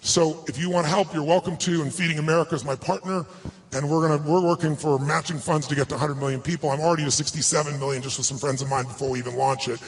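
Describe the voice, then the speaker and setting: A man's voice: fairly high pitch, steady tone, fast. A man giving a live motivational talk to an audience, telling a personal story in an emphatic, earnest way. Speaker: motivational speaker.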